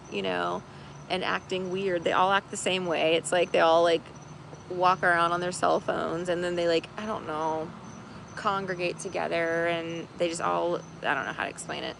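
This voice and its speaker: A woman host chats casually on a livestream in a strongly gravelly, creaky voice. She rambles, leans on fillers and laughs easily as she talks. Faint background noise sits under her voice. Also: lowish voice. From United States. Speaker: tarot reader and channel host.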